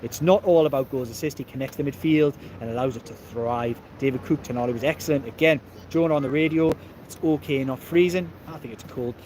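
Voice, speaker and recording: A man's voice: mid-range voice, a little fast, darkish tone, a little hiss or hum. A man with a Geordie accent hosting a casual live stream outdoors, chatting, joking and reading out viewers' comments. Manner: chatty, jokey, laughs often, reads out viewer comments. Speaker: football channel host reading live comments.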